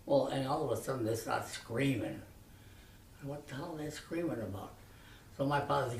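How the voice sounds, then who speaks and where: A man in his nineties telling rambling, animated stories from his youth, with many restarts, recorded from a distance. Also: medium pitch, unhurried, pauses often. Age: 90s. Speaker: interviewee. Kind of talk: reminiscing storytelling. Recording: echoey room from far off, faint noise.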